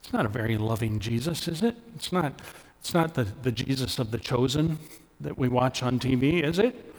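Earnest preaching man in a reverberant hall. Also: moderate pace. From Canada. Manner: earnest, rises in pitch for emphasis, drops soft when personal. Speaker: pastor. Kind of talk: sermon.

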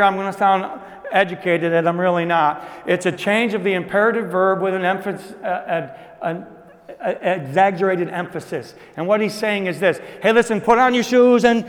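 Man, high voice, pastor preaching a sermon, loud emphasis and hushed asides, echoing hall.

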